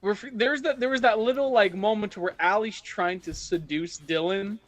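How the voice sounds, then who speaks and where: A man's voice: sits high, normal speed, a bit bright, no room sound. A man co-hosting a film podcast, animatedly retelling movie scenes in casual chat. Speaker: podcast co-host.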